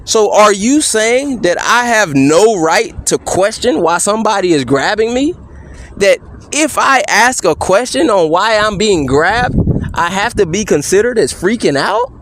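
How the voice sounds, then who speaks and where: A man cross-examining a police officer, firing off measured, insistent leading questions and tagging many with "correct?". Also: sits high, expressive, a bit bright. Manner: pointed leading questions, repeatedly asking "correct?". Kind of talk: courtroom-style cross-examination.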